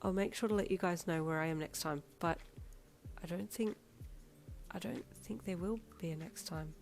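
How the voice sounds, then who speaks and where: A woman's voice: fairly low pitch, normal speed, darkish tone, soft background music, close to an everyday voice. Woman voicing an emotional young woman, feisty. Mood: tearful. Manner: quivering, tearful, then sassy.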